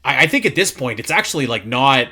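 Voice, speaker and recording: This young man co-hosts a casual podcast, and his voice is bright and punchy. He gushes with emphatic enthusiasm and often restarts his sentences as he goes. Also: mid-range voice, sing-song, fast, husky. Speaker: podcast co-host.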